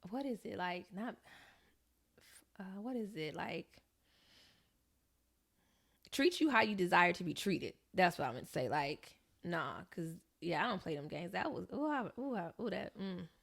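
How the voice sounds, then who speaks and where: Animated young woman telling a story, gravelly. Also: fairly low pitch, a little slow, long pauses. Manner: animated storyteller, acts out quoted voices. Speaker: podcast co-host. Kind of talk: casual storytelling chat.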